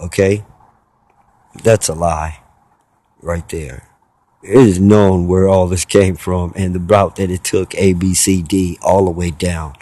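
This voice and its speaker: A man's voice: deep voice, fairly even intonation, slow, long pauses, warm tone, dry recording. A man delivering a rambling, preachy spoken monologue, arguing his point with rhetorical questions and mock voices.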